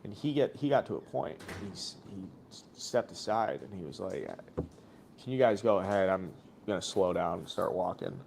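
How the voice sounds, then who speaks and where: A man's voice: low voice, lively intonation, moderate pace, vocal fry, a little mellow, a little hiss or hum. A man co-hosting a casual sports stream, telling a long rambling story full of swearing and acted-out quotes. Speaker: podcast co-host watching a game.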